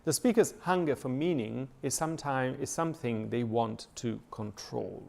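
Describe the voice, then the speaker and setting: Halting man lecturing, gravelly voice. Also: medium pitch, darkish tone. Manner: thoughtful, many hesitations and fillers. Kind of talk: lecture reading and analyzing a poem. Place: church lecture.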